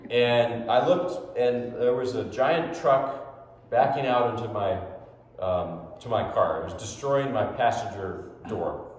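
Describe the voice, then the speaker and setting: A man from New Jersey, a classical pianist, telling a personal story in an animated way, often laughing as he speaks. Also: medium pitch, slow pace. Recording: echoey hall, long reverb, faint noise.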